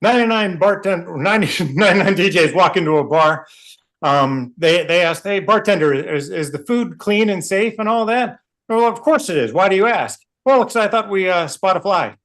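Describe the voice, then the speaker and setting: Man improv player, high voice, loud and playful punchline delivery. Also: animated, moderate pace. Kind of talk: casual joke telling.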